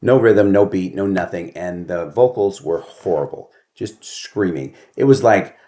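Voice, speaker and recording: A man's voice: sits low, measured pace, few pauses, mellow. An older man hosting his own show, delivering a casual solo monologue at home full of sarcastic complaints and rhetorical questions. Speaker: host.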